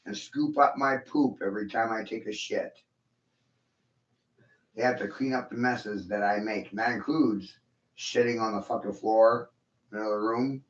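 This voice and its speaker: A man's voice: medium pitch, a bit bright. A man in his forties delivering a crude, profane, rambling monologue in a mocking tone. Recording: echoey room, dull lo-fi sound.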